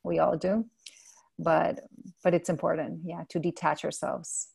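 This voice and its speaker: A woman with a low, gravelly voice, a native Spanish speaker talking in English. She speaks gently and thoughtfully, often stopping to correct herself, in a relaxed interview over a video call. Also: measured pace. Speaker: guest, mindfulness mentor. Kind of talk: casual interview chat.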